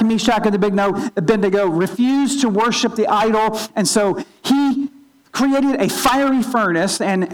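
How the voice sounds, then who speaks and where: A pastor giving a sermon in an earnest teaching tone, often restarting and repeating small words. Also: rough recording. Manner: opens with a quiet, low spoken prayer.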